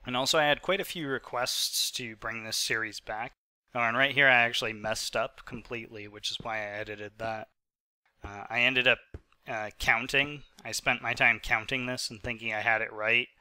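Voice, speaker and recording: Sick guy in his 20s rambling over his game footage, super bright voice, dead dry mic. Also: mid-range voice, steady tone, normal speed, clear, resonant tone, no room sound. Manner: rambling, chatty, full of fillers. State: sick, hiccuping. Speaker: gaming channel host. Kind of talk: casual post-recorded gameplay commentary.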